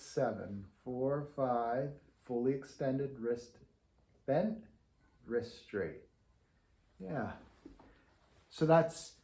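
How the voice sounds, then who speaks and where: A man in his own relaxed teaching voice talks beginners through trombone basics, unhurried and friendly in manner. His voice sits at an ordinary pitch. The room around him rings with noticeable echo. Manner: easygoing, conversational, demonstrating as he talks. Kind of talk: relaxed instructional talk to camera. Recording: echoey room.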